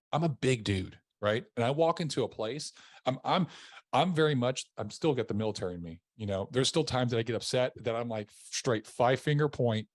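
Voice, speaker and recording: A man from Tennessee with a deep voice, talking as a podcast guest in a softened, lowered tone, with frequent restarts. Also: dry recording, studio quality. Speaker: podcast guest, army veteran. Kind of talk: casual interview chat.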